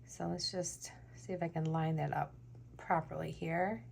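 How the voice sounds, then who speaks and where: A woman's voice: sits low, steady tone, a little slow, gravelly, slight background noise. A woman vlogger chatting casually as she makes jewelry, thinking aloud with lots of fillers. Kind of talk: casual crafting chat.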